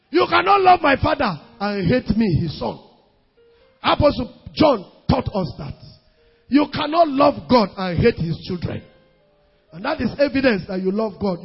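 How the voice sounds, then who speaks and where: A male preacher with a very high, husky voice. He preaches emphatically, draws out scripture quotes, and builds into shouts. The recording is dull and lo-fi, with a long hall reverb trailing each phrase. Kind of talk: sermon.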